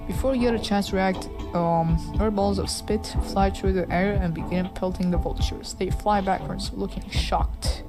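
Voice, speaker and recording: A woman reads game text aloud during a casual playthrough and reacts with giggly, amused disgust. Her voice sits at a mid pitch, with clear game music playing behind her. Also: steady tone, moderate pace, hardly any pauses, rough recording. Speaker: gamer.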